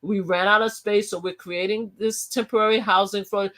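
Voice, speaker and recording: A woman's voice: mid-range voice, steady tone, normal speed, fairly bright tone. A woman hosting a live stream, talking casually in an emphatic, heated way and often repeating and restarting her phrases.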